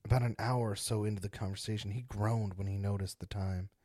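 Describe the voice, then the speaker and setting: A man's voice: fairly low pitch, fairly even intonation, fairly quick, dark tone, no room sound, clean studio sound. A man hosting a casual podcast, joking around and reading spooky stories aloud with dramatic emphasis. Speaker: podcast host.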